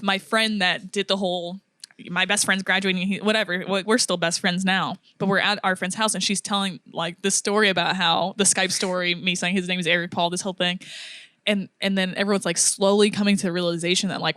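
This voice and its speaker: A woman's voice: mid-range voice, no room sound, clean studio sound. A young woman co-hosting a podcast, telling a story and acting out what people said, laughing often. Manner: animated storyteller, laughs often, acts out quotes. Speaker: podcast co-host. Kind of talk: casual chat, storytelling.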